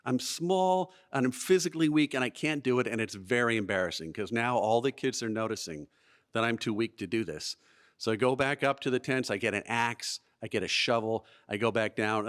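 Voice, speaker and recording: A man telling a self-deprecating, comic personal story live on stage before an audience. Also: mid-range voice. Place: museum event space before an audience.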